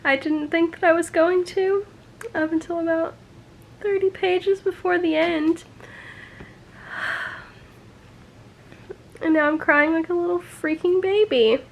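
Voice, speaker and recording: Young woman vlogging about a book, high voice, slow, lots of sighs and "like"s. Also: fairly even intonation, gravelly, a little hiss or hum. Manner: emotional, sighs often, many fillers. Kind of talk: casual reading vlog reactions.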